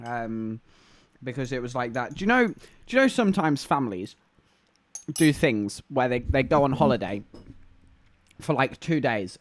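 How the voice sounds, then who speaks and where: English guy streaming, rambles a lot, bouncy up-and-down voice. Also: medium pitch. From England. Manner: rambling, animated, chatting to viewers. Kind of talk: casual live-stream chat.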